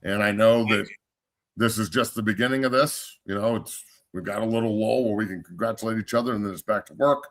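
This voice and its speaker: Gravel-voiced, blunt, cussing middle-aged man. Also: lowish voice, a little fast. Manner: blunt, profane storyteller; warm, heartfelt praise. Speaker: podcast host and football coach. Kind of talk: casual chat.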